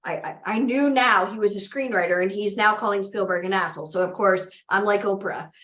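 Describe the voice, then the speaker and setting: This bootcamp coach for aspiring actors and models delivers a motivational talk to a live group, briskly and in a medium-pitched, slightly bright voice. She tells stories chattily and keeps adding "right?", captured in an echoey, somewhat dull room.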